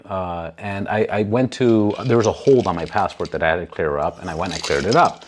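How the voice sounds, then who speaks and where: A man's voice: deep voice, a little fast, a little hiss or hum. A man in his thirties hosting a casual talk show, telling stories animatedly with plenty of swearing and acted-out quotes. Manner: animated, profane, acts out quoted people. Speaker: podcast host. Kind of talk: casual storytelling.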